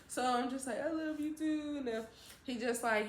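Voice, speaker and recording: Brief: a young woman vlogger, animated and high-pitched, recorded in a roomy space. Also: normal speed, a little hiss or hum. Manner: animated, acts out other people's voices. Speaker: storytime vlogger. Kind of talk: casual storytelling. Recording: roomy echo.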